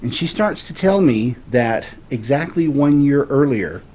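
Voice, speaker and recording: A man's voice: mid-range voice, lively intonation, a little slow, a little mellow. A man in his forties from Florida, a guest telling stories in an earnest, thoughtful way in a casual interview.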